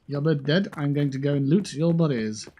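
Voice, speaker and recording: A mellow male voice on the high side, at normal speed, comes from a streamer in a shooter game. He jokes and swears at opponents while casually chatting into his headset mic.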